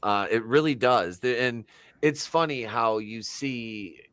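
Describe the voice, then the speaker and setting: A man co-hosting a casual movie discussion in an easygoing, unhurried way. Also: medium pitch, fairly bright tone, no room sound.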